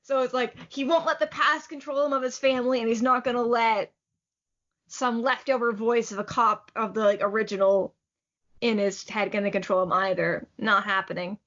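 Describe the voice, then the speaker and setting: A woman co-hosting a podcast recaps a manga chapter with a little-high voice, fairly even intonation and a fairly bright tone. The casual chat is still enthusiastic, full of "like" fillers and quick laughs, over slightly muffled lo-fi sound.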